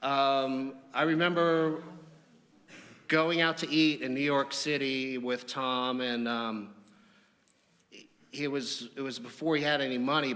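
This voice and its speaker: A man's voice: mid-range voice, pushed and bright. A man giving a memorial eulogy, telling humorous anecdotes in an easygoing storytelling way. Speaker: eulogy speaker. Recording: long hall reverb.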